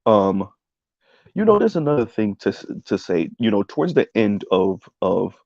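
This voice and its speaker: A man's voice: lowish voice, sing-song, moderate pace, vocal fry, a little mellow, no room sound, lo-fi sound. A man giving casual livestream commentary on a video essay, rambling with many ums and tagging his points with "right?". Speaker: streamer reacting to a video essay.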